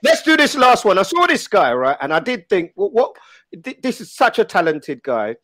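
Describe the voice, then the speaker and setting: A man hosting a casual show, joking and teasing his guests with quick restarts. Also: high voice, wildly swooping pitch, pushed and bright, no room sound. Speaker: host. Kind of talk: casual chat on a live show.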